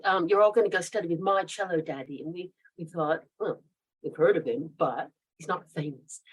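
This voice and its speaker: A woman's voice, low and slightly mellow, comes through a low-quality recording. In her fifties and speaking with a mid-Atlantic accent that falls between American and British, she is a guest author who tells chatty, meandering stories during a casual interview, often breaking into laughter.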